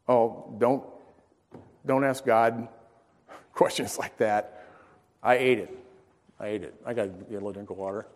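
A man preaching a storytelling sermon in a folksy, animated way, acting out the dialogue in his story. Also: mid-range voice, unhurried, pauses often. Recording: long reverb in a large hall.

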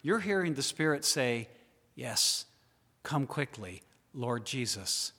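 Bright-voiced man preaching in a reverberant hall. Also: medium pitch, very animated, slow pace. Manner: rhetorical questions, swings between loud emphasis and quiet asides. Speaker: pastor. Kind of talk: sermon.

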